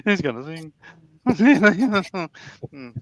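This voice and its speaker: A man chatting on a relaxed hobby stream in a lively, swooping voice, giggling his way through jokes. His sound is dry and close to the mic. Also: sits high, extremely slow, dry recording. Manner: giggly, joking banter. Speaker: co-host on a modelling stream. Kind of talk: casual group chat on a modelling stream.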